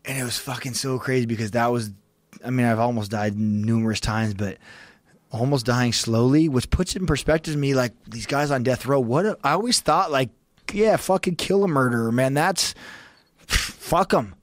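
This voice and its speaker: A man's voice: mid-range voice, brisk. A man with a mid-range voice tells a gripping story, profane, blunt and urgent. His voice jumps up sharply when the tension peaks. The recording is dry and close, with no room echo. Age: adult with a young child. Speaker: podcast guest. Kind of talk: intense storytelling in a long-form podcast.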